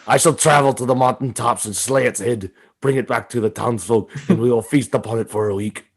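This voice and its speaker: A man's voice: medium pitch, brisk, husky. A man voicing a solemn medieval hero who vows to slay a beast, speaking in grand, old-fashioned phrases. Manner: grand, archaic storybook phrasing.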